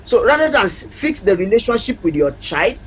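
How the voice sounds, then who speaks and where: High-voiced, emphatic man. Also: very animated, a little fast, husky, poor audio. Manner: earnest, emphatic, repeats key points to drive them home. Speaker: parenting counselor guest. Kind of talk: talk show interview. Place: TV studio.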